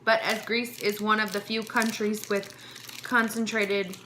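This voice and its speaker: Bright-voiced woman reading snack cards. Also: medium pitch, flat delivery, unhurried, a little hiss or hum. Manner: stumbles over words while reading, talks with mouth full. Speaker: vlogger reviewing a snack box. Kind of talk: casual chat, reading card text aloud.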